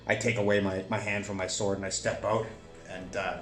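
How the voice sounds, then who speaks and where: A man narrating a solo tabletop game, thinking aloud with many pauses and fillers. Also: fairly low pitch, flat delivery, a bit bright, reverberant, soft background music.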